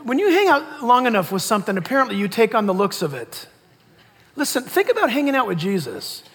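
A man's voice: extremely high pitch, big pitch swings, brisk, fairly bright tone, slightly rough. A man preaching a sermon as pastor, emphatic, repeating key words and laughing between points. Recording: long hall reverb.

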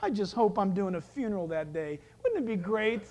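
A man preaching with a very high voice for a male speaker. He is animated and full of energy, and he breaks up the sermon with playful joking asides. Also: fairly quick. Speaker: pastor.

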